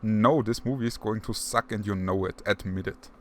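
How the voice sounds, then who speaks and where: A man's voice: fairly low pitch, normal speed. Playful teasing man on a podcast. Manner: playful and teasing, laughs often. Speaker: podcast co-host. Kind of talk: casual chat.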